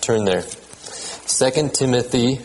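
Male pastor, relaxed sermon delivery, halting repeats, measured scripture reading. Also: mid-range voice, a little hiss or hum, rough recording. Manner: conversational, repeats words, checks in with "okay?"; reads scripture aloud in a measured cadence.

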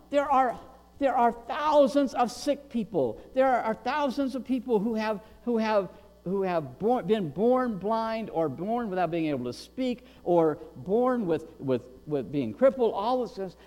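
A high-voiced man preaching with big swings in pitch, throwing himself into the voices of a shouting crowd and pleading beggars. His sermon rings out with a long reverb, and a mains hum sits underneath. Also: animated, measured pace. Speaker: pastor. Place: church sanctuary.

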